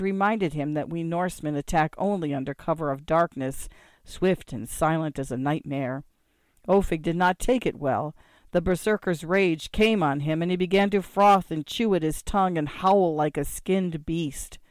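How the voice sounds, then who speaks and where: A man's voice: on the high side, smooth, no room sound, studio quality. A man narrating a first-person story in a vivid, relishing, theatrical manner.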